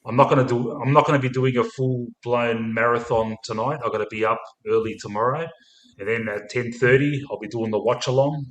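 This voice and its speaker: A man's voice: mid-range voice, steady tone, a little fast. An Australian man hosting a casual live stream about football, rambling and laughing, calling people mate. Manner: rambling, laughs often, says mate a lot. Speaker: stream host. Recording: roomy echo.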